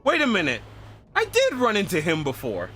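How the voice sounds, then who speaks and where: Man doing a loud boastful cowardly braggart. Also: high-pitched, huge pitch swings, normal speed, soft background music, exaggerated voice. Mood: groveling. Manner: loud, cocky, broken-English bragging. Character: boastful crude male adventurer, cowardly braggart. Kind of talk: comedic reading of game dialogue.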